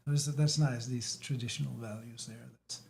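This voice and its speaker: A man from Denmark with a Danish accent, talking as a guest in a casual chat, halting with many restarts and fillers. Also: medium pitch, fairly even intonation, gravelly, a little mellow, a little hiss or hum.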